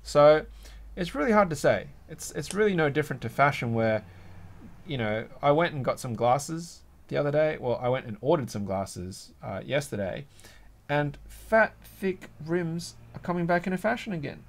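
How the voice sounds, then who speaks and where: A man's voice: on the high side, big pitch swings, moderate pace, creaky. A man with an Australian accent chatting casually on a livestream while he works on a craft project, rambling and musing aloud. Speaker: livestream host.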